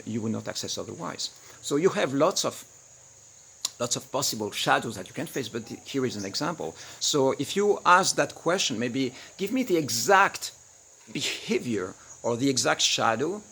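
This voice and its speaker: A man with a bright, gravelly voice and a husky edge teaches a live webinar on tantra. He speaks casually and acts out arguments in loud, sudden quotes. Crickets chirp faintly in the background. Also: medium pitch. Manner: animated, acts out shouted quotes.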